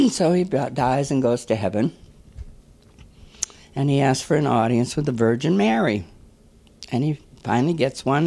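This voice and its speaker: A man telling a string of jokes in a casual way, laughing at his own punchlines and clearing his throat between them. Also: medium pitch, darkish tone. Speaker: joke teller.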